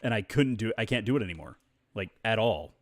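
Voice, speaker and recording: Streamer, male, lower-pitched, very expressive delivery, dry close sound. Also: fast talker, dry recording. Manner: animated storyteller who slips into voices. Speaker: streamer and voice actor. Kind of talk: casual stream chat.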